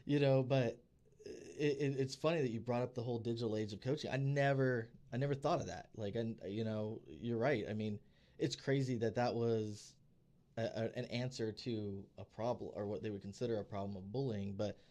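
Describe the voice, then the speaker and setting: A man co-hosting a podcast from a studio tells stories in a casual, animated way, acting out the people he quotes. His voice is medium-pitched and moderately paced.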